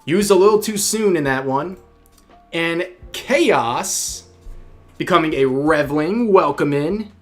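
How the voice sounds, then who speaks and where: A man's voice: on the high side, animated, takes it slowly, faint music behind. A man hosting a stream, mocking a clip in casual reaction commentary and reading donations aloud. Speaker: streamer host.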